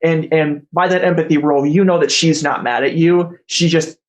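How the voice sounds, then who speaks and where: Halting, filler-heavy game master. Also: medium pitch, steady tone, poor audio. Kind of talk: narrating a tabletop game.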